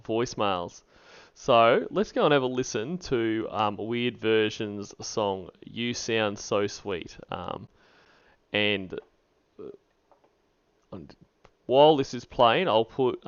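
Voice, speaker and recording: A man hosting a livestream, talking casually and haltingly with lots of ums. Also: on the low side, smooth, no room sound, highs cut off. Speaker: stream host.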